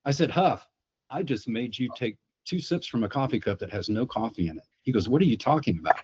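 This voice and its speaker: A man's voice: medium pitch, sing-song, a little fast, darkish tone, husky, muffled recording. A man on a video call explaining sales psychology through anecdotes, often restarting his words. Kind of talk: storytelling on a webinar panel.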